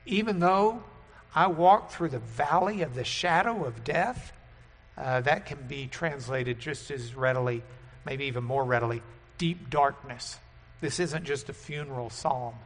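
A man preaching a sermon and teaching at a board, emphatic and loud on key words. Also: medium pitch, unhurried, long reverb tail.

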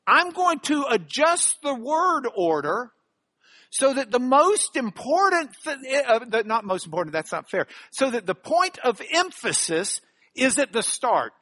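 Lively, bright-voiced man teaching. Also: extremely high pitch, unhurried. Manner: animated, explains step by step with rhetorical questions. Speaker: bible teacher. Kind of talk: live teaching talk to an audience.

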